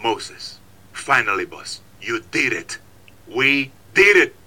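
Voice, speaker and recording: A man voicing a gleeful male demon minion in a low, half-whispered voice within a sermon. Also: very animated, slow pace, sharp tone, full character voice.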